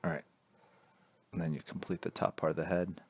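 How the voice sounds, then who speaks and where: A man runs a live drawing stream indoors, explaining construction lines while sketching, joking around, and reading chat messages aloud. Recorded dry by a camera fixed to his drawing board, his low-pitched voice has a breathy edge and a flat, fairly quick delivery.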